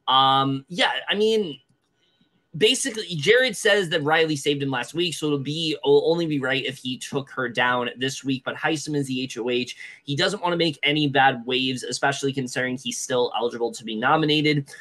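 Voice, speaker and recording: A man's voice: medium pitch, moderate pace, sharp tone. A young man co-hosting a podcast, recapping a reality show in casual, rambling chat full of fillers. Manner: rambling, many fillers and restarts. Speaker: podcast co-host.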